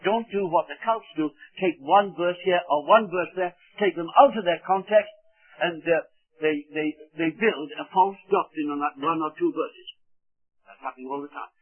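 A man's voice: on the high side, normal speed, slightly rough. A man preaching a sermon to his congregation, rambling and digressive with many restarts. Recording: tinny phone-like old recording.

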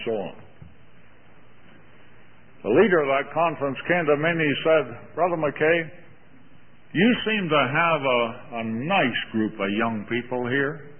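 Older male radio preacher, husky, slow and deliberate, emphatic sermon delivery. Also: on the high side. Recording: old phone-like radio broadcast with long reverb.

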